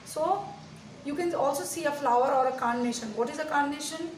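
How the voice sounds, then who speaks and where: A woman teacher giving a slow, deliberate lesson to young pupils, asking them many questions. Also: high-pitched. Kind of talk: recorded classroom lesson. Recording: echoey room, distant mic, faint hiss.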